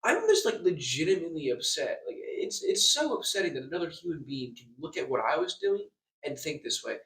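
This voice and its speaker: Young man vlogging an agitated rant, fast, echoey and off-mic. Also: fairly high pitch, expressive, fairly bright tone. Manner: agitated, swearing, stammering repeats. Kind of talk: angry storytime rant. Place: hotel room. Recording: echoey room, distant mic.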